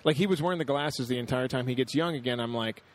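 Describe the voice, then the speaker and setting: A man co-hosting a casual podcast chat, reasoning aloud in a measured way and letting his sentences trail off. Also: medium pitch.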